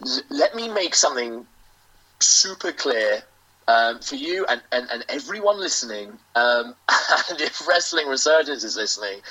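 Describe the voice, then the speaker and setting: A British man, a professional wrestler, delivering a grandiose, self-aggrandizing in-character promo with theatrical pauses. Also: mid-range voice, animated, sharp tone, breathy edge. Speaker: professional wrestler, interview guest. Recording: lo-fi dull audio.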